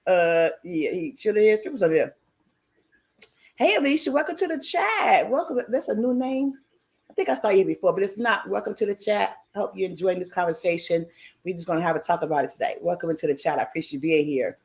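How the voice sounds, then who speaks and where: A frank, chatty woman from the United States runs a live-stream chat about cruising. Her voice sits low for a woman. She greets viewers by name as they come in and laughs often between blunt opinions. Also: lively intonation, quick pace.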